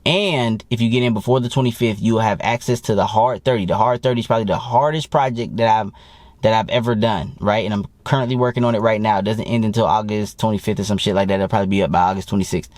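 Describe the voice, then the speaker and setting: A young man talking as a dating coach in a blunt, profane and animated casual monologue. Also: on the low side, fast, no room sound. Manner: profane, blunt and animated, mimics people he quotes.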